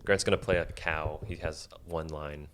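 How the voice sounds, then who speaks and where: A young man who is a podcast guest, chatting in a relaxed, offhand way with some slang. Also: rumbling low, normal speed, slight background noise. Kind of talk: casual chat.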